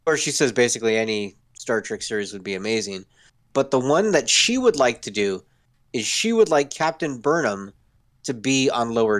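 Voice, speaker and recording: A man co-hosting a podcast who runs through the news stories in an easygoing, agreeable way, with a lot of filler words. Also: mid-range voice. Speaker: podcast co-host reading news. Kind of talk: casual news rundown.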